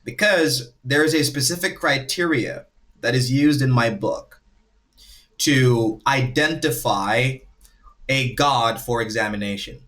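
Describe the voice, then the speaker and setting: A man's voice: medium pitch, slow pace, a bit bright. A man hosting a livestream in a casual way, lecturing and laying out his points one by one. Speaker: livestream host.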